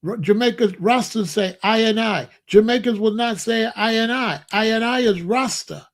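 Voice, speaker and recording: Gravelly man lecturing insistently. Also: high-pitched, moderate pace. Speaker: streamer host. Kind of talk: livestream commentary answering chat.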